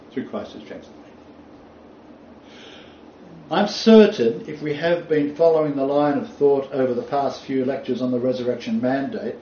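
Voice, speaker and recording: A man's voice: mid-range voice, mellow, slight background noise. A man teaching a Bible lecture to a small group, speaking emphatically and repeating his key phrases for weight. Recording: roomy, distant, dull lo-fi recording.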